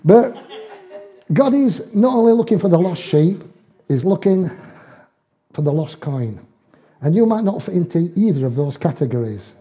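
On a muffled, dull lo-fi recording, a man with a Northern English accent gives a sermon in a conversational style. He shares homely personal stories with humour and laughs often, his voice mellow and a little high.

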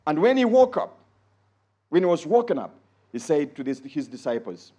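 Husky, animated male preacher. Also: normal speed, pauses often. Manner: animated preaching, rising to high exclaims when quoting and dropping low for asides. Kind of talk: sermon.

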